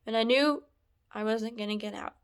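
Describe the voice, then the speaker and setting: A woman recounting a painful personal story in a halting, soft-spoken way, sometimes dropping to a whisper. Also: fairly high pitch, clear, resonant tone. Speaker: vlogger sharing a personal story. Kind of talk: emotional personal testimony.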